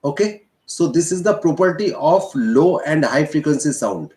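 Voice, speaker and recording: A male teacher with an Indian English accent, slowly explaining a physics lesson and repeating key points. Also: fairly high pitch, animated, darkish tone. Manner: slow, repetitive explaining. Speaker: science teacher.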